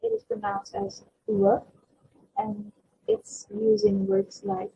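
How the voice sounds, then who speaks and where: A young woman gives a pronunciation lesson and reads word lists with care. Her voice is high and very lively, with heavy vocal fry. The recording sounds a little dull and lo-fi. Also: slight background noise. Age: young adult. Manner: slow, careful reading of word lists. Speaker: student presenter.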